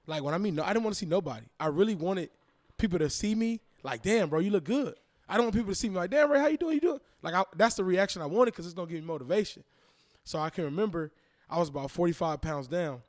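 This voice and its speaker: Podcast guest, man in his 30s, slightly high voice, lively storyteller who acts out quotes. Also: quick pace. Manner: animated, acts out quoted voices, repeats phrases. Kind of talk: casual storytelling interview.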